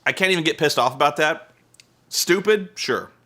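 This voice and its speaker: A man with a bright, slightly high voice rants through a wrestling recap with comic exasperation. He swears freely and mimics the wrestlers in a voice that leaps up and down. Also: animated, normal speed. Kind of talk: comedic profane rant.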